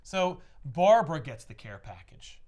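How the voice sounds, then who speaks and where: A man's voice: fairly high pitch, measured pace. A man co-hosting a podcast, retelling a comic plot in casual chat full of "like" asides. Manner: animated storytelling full of "like" asides.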